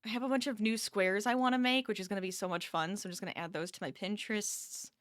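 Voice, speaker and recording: A woman's voice: medium pitch, steady tone, quick pace, no room sound, clean studio sound. A tired woman chatting casually with her viewers during a live crochet stream from her home office, laughing often and reading chat aloud.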